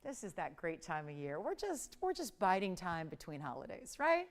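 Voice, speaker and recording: A middle-aged woman hosting a live jewelry shopping show, hoarse from a strained voice, chatty and fast-talking with joking asides. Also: lowish voice, big pitch swings. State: hoarse, losing her voice. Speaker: shopping channel host. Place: TV studio.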